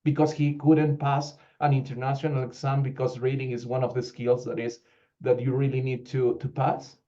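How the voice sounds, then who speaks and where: A man from Peru leads an online teacher training session, firing rhetorical questions at his audience. His voice is mellow and low in brightness. The call audio sounds slightly dull and lo-fi. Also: normal speed. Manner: animated, rhetorical questions, acts out quoted teachers. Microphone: video call.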